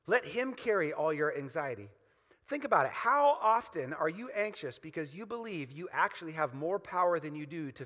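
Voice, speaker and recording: Guy preaching a sermon, punchy and repetitive, bright tense tone, long echo like a big church. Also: on the high side. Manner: emphatic, repetitive call-and-response preaching. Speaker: pastor.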